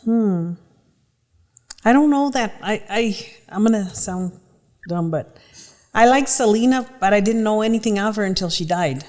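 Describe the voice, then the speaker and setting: A woman's voice: medium pitch, expressive, moderate pace, a little mellow. A middle-aged woman, the guest and a host's mother, answering questions in frank, chatty talk with hesitant fillers. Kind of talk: casual interview chat. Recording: reverberant room.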